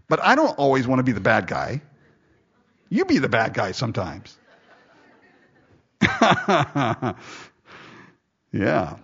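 A man's voice: medium pitch, husky, dull audio. A man preaching a sermon, reading scripture aloud and breaking off into jokey, conversational asides.

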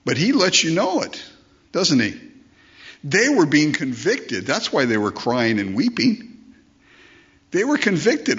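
A man's voice: a little high, huge pitch swings, unhurried, long pauses, a bit bright. A man preaching a conversational sermon, asking rhetorical questions and acting out the voices he quotes. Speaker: pastor. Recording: dull lo-fi sermon recording.

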